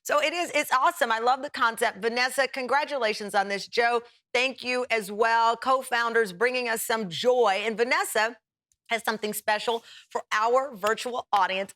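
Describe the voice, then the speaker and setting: A woman's voice: on the high side, normal speed, a bit bright. A woman hosting a daytime talk show, chatty and enthusiastic as she tastes and praises food. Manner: chatty and enthusiastic, laughs while tasting food. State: talking with mouth full at times.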